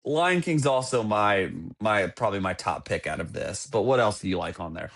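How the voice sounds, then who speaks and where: Enthusiastic low-voiced man chatting. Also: animated, normal speed, vocal fry, fairly bright tone. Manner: enthusiastic, rambling. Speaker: podcast co-host. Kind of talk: casual chat.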